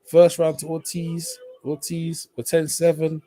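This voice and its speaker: A man's voice: a little high, measured pace. Slangy man calling a fight. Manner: slangy, chatty, rising to excited shouts on big punches. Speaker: live stream fight reaction host. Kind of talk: casual live fight commentary.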